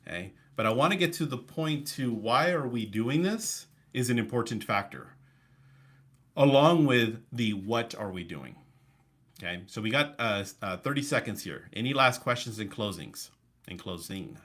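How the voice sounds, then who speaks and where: A man running a live online coaching session over a video call, talking with high energy and breaking it up with deliberate pauses and changes of pace. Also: animated, fairly bright tone. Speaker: real estate coach.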